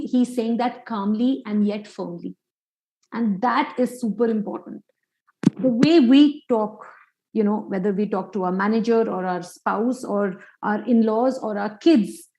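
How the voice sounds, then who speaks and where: A woman's voice: on the high side, dark tone. Echoey-voiced woman psychologist quizzing listeners. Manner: quizzes listeners, asks many questions. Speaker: clinical psychologist giving a parenting talk. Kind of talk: online parenting workshop.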